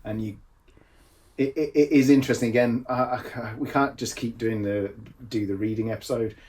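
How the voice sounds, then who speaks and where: In a casual podcast conversation filmed in a home room, the games designer from England talks fairly quickly in a mid-range, slightly mellow voice. He sits far from the mic, laughs often, and keeps restarting what he says.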